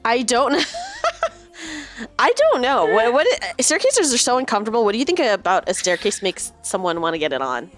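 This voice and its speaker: A woman's voice: a little high, moderate pace, soft background music. A woman from the United States hosting a stream, reading stories aloud and chatting with a lot of laughter. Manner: laughs often, animated storytelling. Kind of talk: casual chat and reading aloud.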